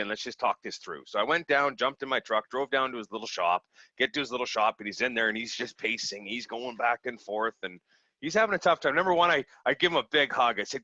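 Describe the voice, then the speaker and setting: A man, a small business owner from Canada, telling stories in a casual, animated way and acting out the people he quotes. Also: mid-range voice, dry recording, highs cut off. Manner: animated, acts out quoted people, laughs easily. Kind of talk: casual storytelling over video call.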